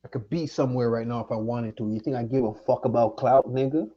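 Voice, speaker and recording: Husky, angry livestreaming man. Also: mid-range voice, fast talker, lo-fi sound. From Jamaica. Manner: angry, profane, confrontational. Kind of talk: heated livestream rant.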